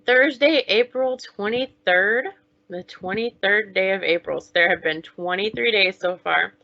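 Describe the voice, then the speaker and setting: A woman teaching young children online, talking slowly in a sing-song way as she leads chants, songs and counting. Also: mid-range voice, gravelly, dull audio. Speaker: preschool teacher.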